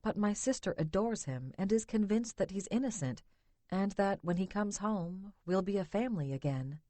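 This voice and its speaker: A woman narrating a romance audiobook in the first person, measured and intimate. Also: mid-range voice, expressive, warm tone, no echo.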